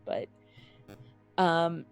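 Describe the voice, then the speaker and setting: A woman's voice: fairly low pitch, lively intonation, drawn-out words, creaky, clean tone, soft background music. A woman running a tabletop game as game master, talking through the scene with many fillers and some friendly teasing.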